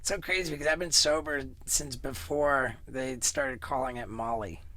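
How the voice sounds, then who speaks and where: Man chatting over a clear hiss. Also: medium pitch, fairly even intonation, normal speed. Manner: brief interjections and asides. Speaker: podcast host. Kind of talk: casual chat.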